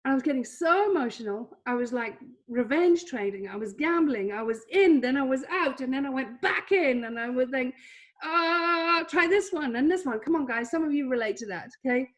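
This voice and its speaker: A middle-aged woman coaching on a webinar, telling a personal story in an animated, confessional way with bursts of emphasis. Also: high voice, fairly quick, few pauses. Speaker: trading coach. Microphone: webinar microphone.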